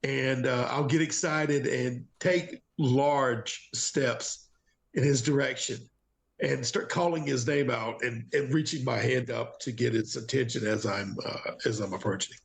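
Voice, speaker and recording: Gravelly man playing a tabletop game. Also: mid-range voice, measured pace. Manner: repetitive, excitable restarts. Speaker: player. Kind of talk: tabletop role-play.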